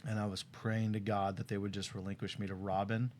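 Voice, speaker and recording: A young man casually telling a story to a friend, animated and laughing often as he acts out what people said. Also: fairly low pitch, fairly quick, slight background noise. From Tucson, Arizona.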